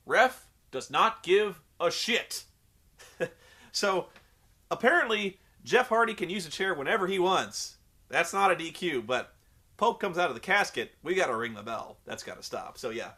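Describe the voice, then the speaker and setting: A man's voice: high-pitched, lively intonation, normal speed, sharp tone, husky. A young man recapping a wrestling show in a sarcastic, profane, rambling comedic commentary.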